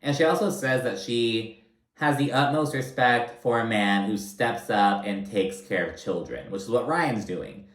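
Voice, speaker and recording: A man talks through a reality TV recap in a loose, casual way, and his asides are blunt, profane and openly sarcastic. His voice sits in an ordinary middle pitch. The recording carries a noticeable roomy echo. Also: measured pace.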